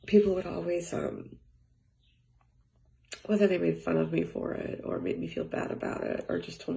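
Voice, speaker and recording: A woman talking through her feelings in a rambling personal monologue at home, often dropping to a near-whisper, with halting restarts and light laughs. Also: lowish voice, animated, gravelly. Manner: soft-spoken, often trailing into near-whispers. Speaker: vlogger. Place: home with cats.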